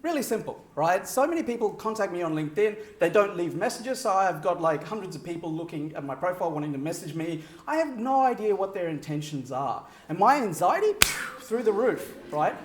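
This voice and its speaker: Male keynote speaker with a high, animated voice and a roomy hall echo, talking straight to the audience. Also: a little fast, a little hiss or hum. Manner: animated, audience-directed, frequent "right?" checks. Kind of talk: energetic conference keynote. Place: large conference hall.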